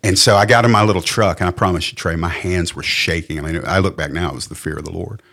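A man's voice: deep voice, fast talker, vocal fry, fairly bright tone. A middle-aged man with a Southern American accent, a pastor telling his personal testimony in an earnest, candid, plainspoken way. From Southern United States. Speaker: pastor and podcast guest.

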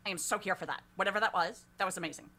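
Giddy young water naiad played by a woman, gushing, breathless rapid bursts, bright tone, lively swooping pitch.

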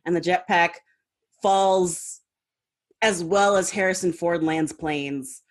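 A woman's voice: lowish voice, takes it slowly, noisy background. A woman hosting a casual podcast, retelling an episode with lots of laughter. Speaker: podcast host. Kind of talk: casual recap chat.

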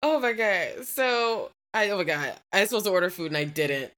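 A woman's voice: medium pitch, animated, fairly quick, fairly bright tone. A young woman with a Philadelphia accent telling a long story in casual chat, acting out voices and laughing often.

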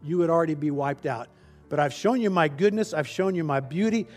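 A man's voice: fairly high pitch, animated, brisk, darkish tone, faint music behind. A male preacher giving a conversational sermon, often restarting phrases and acting out quoted complaints. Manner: conversational, restarts phrases, acts out the people's whining in a raised voice.

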